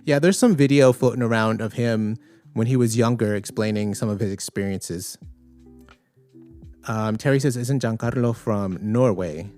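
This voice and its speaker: A man hosts a livestream podcast, chatting casually and reading viewer comments aloud while thinking out loud with lots of fillers. His voice is lowish and his pace normal, with soft music in the background. He comes across as relaxed and conversational.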